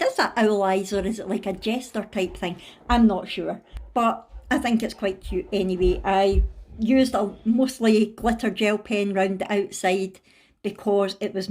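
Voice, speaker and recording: Chatty Scottish woman, giggly vlogger. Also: medium pitch. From Scotland. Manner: chatty and giggly, talks herself through her choices. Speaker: craft channel host. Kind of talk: casual show-and-tell vlog.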